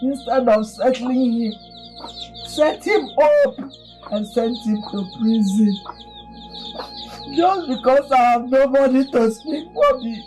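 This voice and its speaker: A woman playing a weary, grieving mother lamenting slowly in a film drama. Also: high-pitched, expressive, noisy background. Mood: despairing. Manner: despairing, lamenting, slow. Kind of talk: Nollywood film acting.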